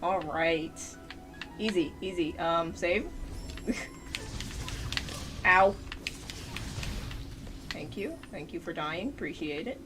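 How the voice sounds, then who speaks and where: A woman with a fairly low voice streams a video game live, speaking slowly with long pauses to her chat and the game character, shrieking and swearing whenever she dies. Game music plays in the background.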